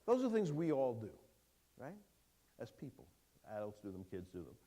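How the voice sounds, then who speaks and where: A man giving a keynote lecture to an audience, lively and engaging, putting questions to the room. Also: medium pitch, normal speed. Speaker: keynote speaker. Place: lecture hall before an audience.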